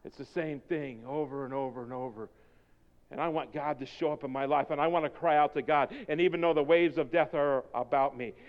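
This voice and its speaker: A male preacher delivering a fervent sermon, moving from quiet, intimate talk to loud, urgent pleading. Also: fairly high pitch, fairly even intonation, fairly quick, dull audio. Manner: fervent, swings between quiet intimacy and shouting. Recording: long hall reverb.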